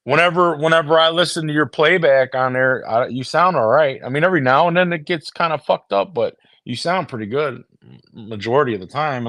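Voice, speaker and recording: Chatting loosely with viewers on his phone, a US streamer curses heavily and keeps repeating words and starting sentences over. His voice is mid-range and fairly bright, recorded dry at studio quality.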